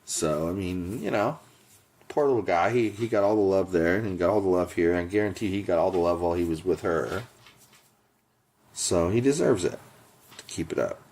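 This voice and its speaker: A man's voice: sits low, moderate pace, a little mellow. A man co-hosting a podcast in casual chat, emphatic and teasing. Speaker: podcast co-host.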